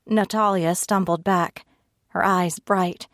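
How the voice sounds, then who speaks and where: A woman narrating an audiobook in first person, reading at a slow, steady pace and raising her pitch for the other characters' lines. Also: dry recording, studio quality. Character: tearful frightened young woman narrator, Ivy.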